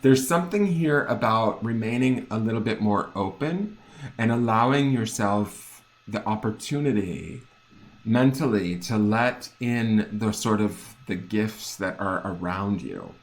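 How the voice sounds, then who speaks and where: A man's voice: lowish voice, expressive, unhurried. A man giving a casual, chatty tarot reading to his viewers, searching for words and often checking that he makes sense, with a lilting, upspeak-prone way of talking. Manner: chatty and searching, full of fillers and checks for understanding. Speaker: tarot reader.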